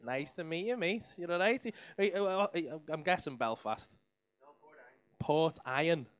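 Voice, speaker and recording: A young man works the crowd at a comedy club, swearing freely and teasing people in the front rows. His voice sits high and sounds bright and sharp. His pitch swings widely from line to line. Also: very animated, moderate pace, clean tone. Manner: sweary, teasing banter with the audience. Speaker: stand-up comedian. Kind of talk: crowd work stand-up.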